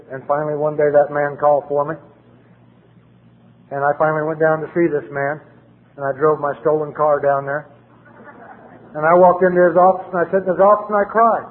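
A middle-aged man with a blunt, plain-spoken manner, sharing his recovery story at a meeting. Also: fairly high pitch. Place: meeting hall. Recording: tinny lo-fi recording in a reverberant hall.

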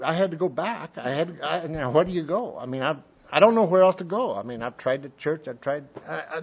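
Man, high-pitched voice, folksy rambling storyteller, acts out other voices, dull lo-fi recording. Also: breathy edge. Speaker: speaker sharing his recovery story. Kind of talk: storytelling talk to a group.

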